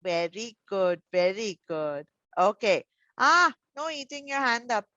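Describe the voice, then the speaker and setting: A woman teaching young children over a video call, gentle and encouraging, full of endearments. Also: medium pitch, sing-song, measured pace, dry recording. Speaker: preschool teacher. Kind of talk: online class with young children. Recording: dull, dry video call audio.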